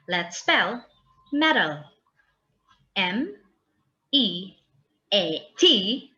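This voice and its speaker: A woman teacher giving a slow, drawn-out vocabulary lesson for young children and spelling words aloud letter by letter. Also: medium pitch, pushed and bright, lo-fi sound.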